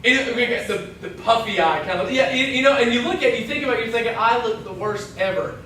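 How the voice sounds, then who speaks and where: Casual young-group Bible teacher, man, high bright voice, echoey hall mic from a distance. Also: fast, a little hiss or hum. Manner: chatty, self-interrupting, jokey asides. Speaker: youth pastor. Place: church hall.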